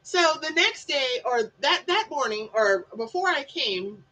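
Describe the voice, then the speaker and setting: A woman's voice: high voice, lively intonation, unhurried, bright, forceful tone, poor audio. A woman vlogger in a casual chat, telling her story candidly and rambling, with lots of swearing and many "like"s and "you know"s. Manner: peppers speech with "like" and "you know". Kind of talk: casual mental health chat.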